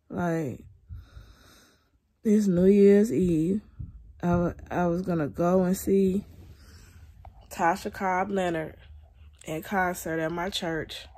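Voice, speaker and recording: Weary low-voiced woman venting slowly. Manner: weary, venting, soft and drawn out. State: slightly congested. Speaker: vlogger. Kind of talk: casual confessional vlog. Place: at home in bed.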